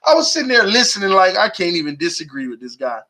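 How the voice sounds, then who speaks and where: Young male live-stream sports host, high bright voice, slangy and animated. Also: fast talker. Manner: animated, slangy, reads chat aloud, urges viewers.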